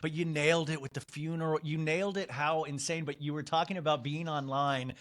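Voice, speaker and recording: A man hosting a podcast, chatting in a gossipy, animated way with his guest. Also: fairly high pitch, brisk, crowd noise. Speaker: podcast host. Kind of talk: casual chat.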